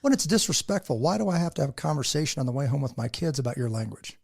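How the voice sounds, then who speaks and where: A man speaks quickly in an earnest, conversational way, with a gravelly, slightly husky voice. He tells stories and acts out what others said, at a middle pitch. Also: sing-song. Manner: earnest, storytelling, acts out quotes. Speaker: podcast guest. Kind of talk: casual conversation.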